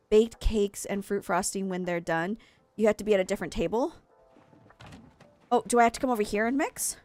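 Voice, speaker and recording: A young adult woman live-streaming a game, chatting casually with friends, excitable, giggly and easily flustered. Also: on the high side, moderate pace, no room sound. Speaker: streamer hosting a game party.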